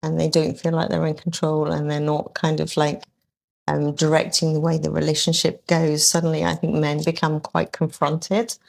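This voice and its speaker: A woman with a slightly low voice speaks as a guest on a conversation podcast. She weighs her words, pausing on ums and restarting phrases. Now and then she drops a dry, sarcastic aside. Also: completely flat delivery, creaky. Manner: thoughtful, hedging with frequent ums and restarts. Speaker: aesthetics practitioner guest.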